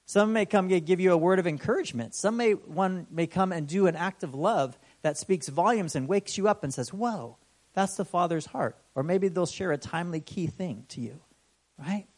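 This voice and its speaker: A man's voice: high-pitched, moderate pace. A man preaching a sermon in a conversational way, often checking in with "right?" and acting out the story's exclamations. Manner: animated storytelling with voiced exclamations.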